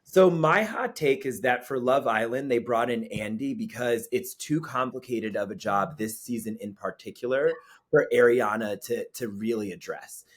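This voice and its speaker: A man as a podcast guest, talking in a chatty, animated way with many fillers. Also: mid-range voice, moderate pace. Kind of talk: casual chat.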